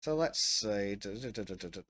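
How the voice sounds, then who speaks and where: A man hosting a podcast, chatting in an excitable way with stumbling restarts. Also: lowish voice, fairly quick. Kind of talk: casual chat.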